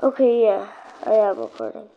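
A woman's voice: mid-range voice, very animated, moderate pace, gravelly. A woman giving casual, rambling commentary while playing a game, repeating herself and breaking into sudden exclamations. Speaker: gamer, channel host. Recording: dull lo-fi sound with faint noise.

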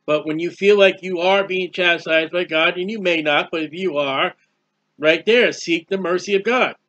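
A man's voice: sits high, moderate pace, a bit bright. A man giving an informal Bible study sermon, earnest and rambling, reading scripture aloud. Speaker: Bible teacher. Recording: dull lo-fi recording.

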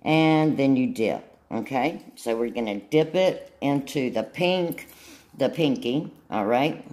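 A woman with an unusually deep, low voice and a drawl walks through a nail demonstration. She talks in a chatty, homey way and keeps pausing to check in with her viewers. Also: darkish tone. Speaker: nail tutorial host. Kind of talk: casual demonstration tutorial.

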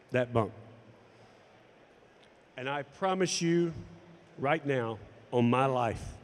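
A man from the United States, a golf instructor and former tour pro, tells a personal story to camera in a fairly high voice. He narrates with animation and acts out the dialogue, with echoey reverb behind him.

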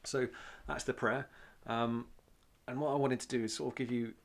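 A man's voice: medium pitch, flat delivery, moderate pace, creaky. A man with a Welsh accent giving an informal church talk on prayer, plain-spoken and conversational, with many fillers and repeated phrases for emphasis. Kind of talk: informal sermon teaching.

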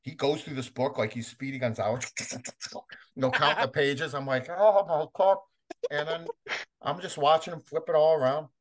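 A middle-aged comic collector, interviewed as a guest, tells an energetic story, laughing often and imitating other people's voices. His voice is a little high and moves at a moderate pace.

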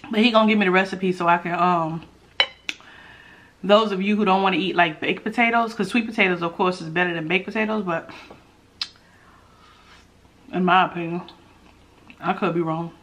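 This mukbang vlogger speaks at a moderate pace in a fairly low voice, pausing often. Casual and animated, she hums while tasting her food and talks directly to her audience.

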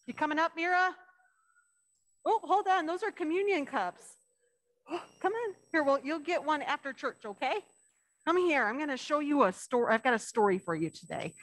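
A woman pastor giving a children's message in church, chatting playfully with the kids and reading a picture book slowly with lively emphasis. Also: sits high, no room sound. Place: church sanctuary.

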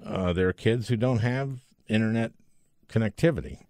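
Deep-voiced older man hosting a podcast. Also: normal speed, a little mellow, no echo, clean studio sound. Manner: reads a quote aloud, then talks conversationally. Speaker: podcast host. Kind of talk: podcast interview.

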